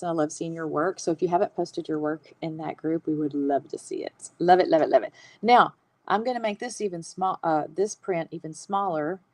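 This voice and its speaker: A woman's voice: lowish voice, dry recording. A woman, hosting a casual livestream on hand lettering and chatting with viewers. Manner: chatty, warm-hearted, laughs often.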